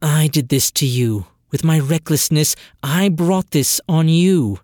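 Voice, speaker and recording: A narrator voicing a young woman, a worried and loving sister who speaks with a rasping, tearful voice. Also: medium pitch, expressive, unhurried, a little mellow, no room sound, studio quality, close to an everyday voice. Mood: remorseful. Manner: pleading, tearful.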